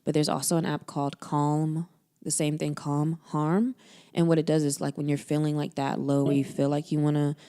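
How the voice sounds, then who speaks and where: A woman's voice: low-pitched, flat delivery, normal speed, mellow, smooth. A young woman co-hosting a podcast, casually chatting and often murmuring agreement. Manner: attentive listener, frequent murmured agreement. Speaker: podcast co-host. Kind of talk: casual chat.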